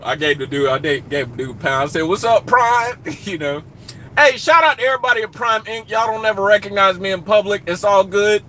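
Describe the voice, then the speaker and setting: A young man streaming live from his truck cab, chatting casually and joking with viewers, hollering shout-outs into a phone. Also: high voice, expressive, fast, slight background noise.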